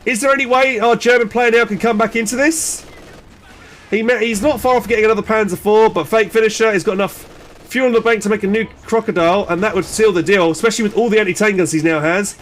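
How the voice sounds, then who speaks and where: A man casting a strategy game match in excited play-by-play, exclaiming and swearing, with frequent restarts and fillers. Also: high-pitched, fast talker, a little hiss or hum. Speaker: game caster.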